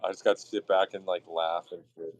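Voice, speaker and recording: A man streaming his art while telling casual, profane stories, often jumping into high mock voices and bits of song. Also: level tone, brisk, dry recording, poor audio. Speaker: artist streaming his work. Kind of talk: casual storytelling chat.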